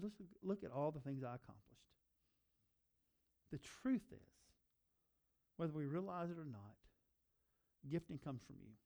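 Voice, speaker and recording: A man preaching a sermon with earnest conviction, stacking up emphatic repeated phrases. His voice sits a bit high, with a warm, mellow tone. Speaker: pastor.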